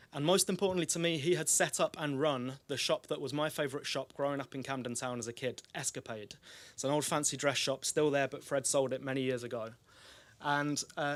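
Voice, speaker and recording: A man's voice: fairly high pitch, a bit bright, no room sound. A man giving a public talk, telling a story in a candid, self-deprecating way. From North London. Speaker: speaker at an ideas festival.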